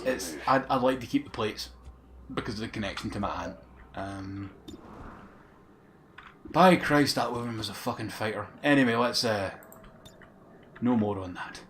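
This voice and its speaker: A man's voice: fairly low pitch, a little hiss or hum. Rambling, sweary male streamer. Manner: rambling, sweary, chatting with viewers. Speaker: game streamer. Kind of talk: casual live-stream chat.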